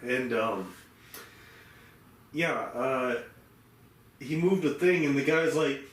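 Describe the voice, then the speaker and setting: A man's voice: medium pitch, slow, pauses often. A man co-hosting a casual podcast, telling a story with lots of fillers and restarts. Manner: rambling, many fillers and restarts, acts out quoted people. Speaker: podcast co-host. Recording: roomy, from far off the mic, faint hiss.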